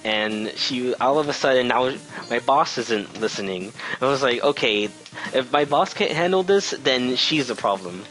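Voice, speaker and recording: A man's voice: medium pitch, expressive, moderate pace, fairly bright tone, soft background music, poor audio. A young man who works in retail, telling a casual storytime rant in an exasperated way and swearing freely. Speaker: retail worker.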